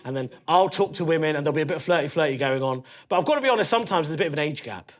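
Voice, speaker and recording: A man's voice: a little high, lively intonation, very fast. A man in his forties with a London accent doing a stand-up comedy set in a club, with a cheeky, conversational, punchy delivery. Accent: London English. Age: 40s. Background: audience laughter.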